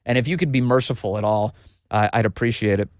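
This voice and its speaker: A man's voice: on the low side, fast, darkish tone, no room sound, clean studio sound. Mocking male political commentary host. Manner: mocking, incredulous, reads documents aloud and riffs on them.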